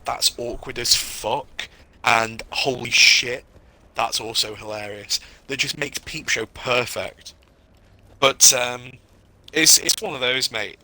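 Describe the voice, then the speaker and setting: A man with a British accent chatting casually while gaming, telling stories in an animated, profane way. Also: medium pitch. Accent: British English. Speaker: streamer.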